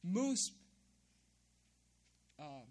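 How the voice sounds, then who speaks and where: A man's voice: sits high, big pitch swings, extremely slow, darkish tone. A man preaching a sermon, emphatic, repeating key phrases and checking in with "right?". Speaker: pastor.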